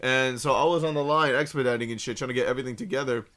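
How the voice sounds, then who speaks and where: A man's voice: medium pitch, racing. A young man co-hosting a podcast, telling a work story in casual, profanity-laced slang. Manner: profane, animated retelling with slang. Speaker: podcast co-host.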